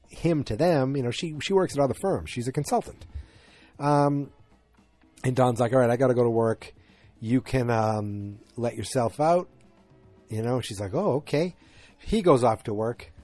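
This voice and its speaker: A man's voice: mid-range voice, a little mellow. Rambling man with a slight Boston accent. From north of Boston, Massachusetts. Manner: rambling, self-interrupting, jokey asides. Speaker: podcast host. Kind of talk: casual episode recap.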